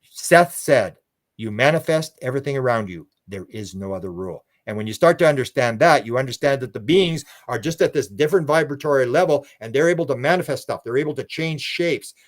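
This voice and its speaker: An older man talking as a guest in a relaxed interview, at an ordinary middle pitch. He rambles from one story to the next and slips into the voices of the people he quotes. He often stops and restarts his sentences. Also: fairly quick. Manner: rambling storyteller who acts out quoted dialogue, frequent restarts. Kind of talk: casual conversational interview.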